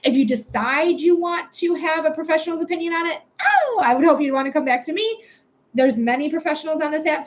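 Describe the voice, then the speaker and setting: A young adult woman hosting a live psychic reading stream, chatting casually, swearing now and then and pitching her readings upbeat. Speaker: livestream psychic reader. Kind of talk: casual livestream chat.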